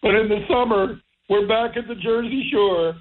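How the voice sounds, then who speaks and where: A man's voice: high voice, moderate pace, phone-quality sound. A male radio show host in casual talk show chat, enthusiastic and repeating himself as he searches for words.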